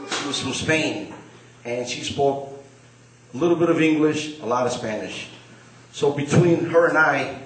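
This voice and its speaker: A man's voice: mid-range voice, a little hiss or hum. A man telling a rambling personal story at a live story slam, correcting himself as he goes. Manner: rambling, conversational, self-correcting. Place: gym hall at a live event. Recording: roomy hall recording from a distance.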